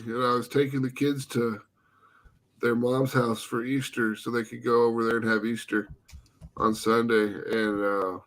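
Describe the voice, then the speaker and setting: A middle-aged man telling a story in casual chat, relaxed and rambling, with many pauses and "uh"s. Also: mid-range voice.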